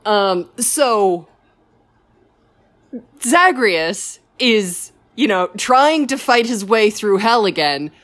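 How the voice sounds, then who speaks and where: A woman spinning a casual story in a slow, unhurried way. She rambles, fills pauses with ums and likes, and corrects herself as she goes. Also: mid-range voice, expressive, fairly bright tone. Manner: rambling, full of fillers and self-corrections.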